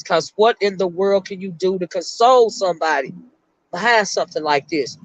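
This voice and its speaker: A middle-aged woman, a retired school counselor, hosting an emotional live-stream chat and speaking haltingly to her viewers. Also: medium pitch, dry recording, muffled recording. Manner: emotional, halting, repeats words while talking to her chat.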